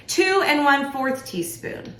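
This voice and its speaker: A woman's voice: sits high, animated, measured pace, a bit bright, roomy sound. A middle-aged woman, a home cook and author, chatting casually and self-deprecatingly to the camera as she cooks in her home kitchen. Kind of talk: casual cooking vlog.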